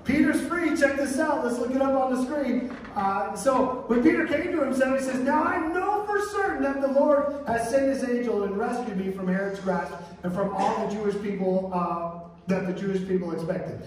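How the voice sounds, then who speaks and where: A male pastor delivers a sermon built on storytelling, giving voice to each character he describes. He speaks at a normal speed with an extremely high pitch, recorded at a distance in the echoing sanctuary.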